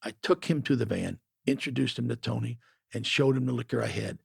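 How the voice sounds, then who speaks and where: Guy narrating his memoir, matter-of-fact, raspy gravel voice, dry close sound. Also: medium pitch, brisk, a little mellow, dry recording. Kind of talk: first-person memoir narration.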